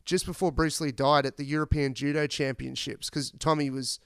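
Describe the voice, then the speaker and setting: Aussie podcast host swearing his way through a story, smooth voice, dry. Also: on the high side, flat delivery, fairly quick, no echo. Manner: rambling, profane, laid-back. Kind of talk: casual storytelling chat.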